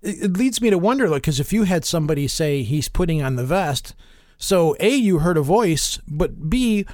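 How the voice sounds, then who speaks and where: A man hosting a casual interview, telling stories in an animated way and laughing often. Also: sits high, normal speed, dry recording, clean studio sound. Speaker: podcast host.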